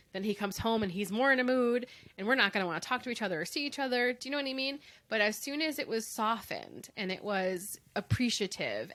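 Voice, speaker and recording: A woman co-host chats in a bright, forceful voice. She talks conversationally, laughs easily and keeps checking in with the listener. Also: medium pitch. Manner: conversational, laughs easily, frequent tag questions. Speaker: podcast producer and co-host. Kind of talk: casual chat.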